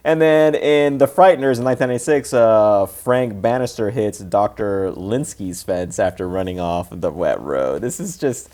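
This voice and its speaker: A man's voice: lowish voice, normal speed, few pauses, darkish tone. Co-host, male, easygoing film chat, laughs a lot and echoes phrases. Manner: enthusiastic, laughs often, repeats phrases. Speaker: podcast co-host. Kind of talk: casual movie commentary chat.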